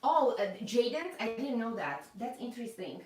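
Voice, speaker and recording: Faint music plays behind a woman whose voice is a little high, expressive and darkish, at normal speed. Hosting a doll unboxing live stream from an echoey room, she chats away, reading viewer comments aloud with many fillers.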